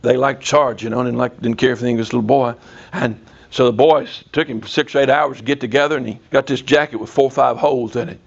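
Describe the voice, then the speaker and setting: A man preaching a sermon in a prison, telling a story in a folksy, animated way. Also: medium pitch, fast talker, vocal fry, slightly rough, highs cut off. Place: prison chapel.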